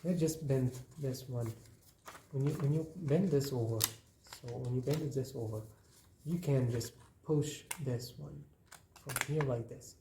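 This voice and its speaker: A man's voice: medium pitch, a little slow. A man hosting a craft tutorial, talking casually and repeating himself as he folds paper. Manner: relaxed, repetitive, talking while folding paper. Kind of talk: hands-on craft demonstration. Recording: roomy echo, faint noise.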